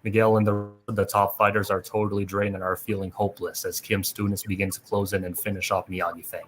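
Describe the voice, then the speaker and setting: A man hosting a podcast, reading a plot recap aloud in a steady way with small restarts. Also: lowish voice, fairly quick, a little hiss or hum. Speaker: podcast host.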